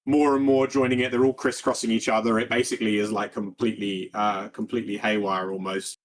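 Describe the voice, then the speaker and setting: A man's voice: lowish voice, flat delivery, brisk. A man narrating a tabletop game as game master, rambling along with many fillers and restarts.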